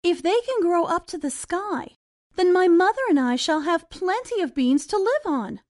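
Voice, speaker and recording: A woman voicing an eager, polite young village boy in a storybook reading, talking in an excited way. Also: very high-pitched, normal speed, dry recording, clean studio sound. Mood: thoughtful.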